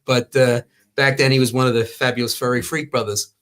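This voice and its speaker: The voice is male, mid-range and level in tone, moving fairly quickly. He's an older former magazine owner from Long Island, New York, warmly rambling through long anecdotes in casual talk and acting out the quotes.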